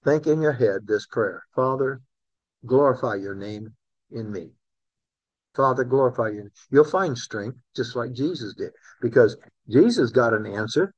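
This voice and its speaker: A man's voice: mid-range voice, animated, unhurried, breathy edge, no room sound, muffled recording. Man preaching to a small group. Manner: conversational, addresses listeners by name. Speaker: pastor. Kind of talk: sermon.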